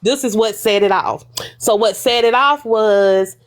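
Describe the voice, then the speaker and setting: A woman casually retelling livestream drama, animated and gossipy, slipping into the voices of the people she quotes. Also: mid-range voice, a little slow, crowd noise.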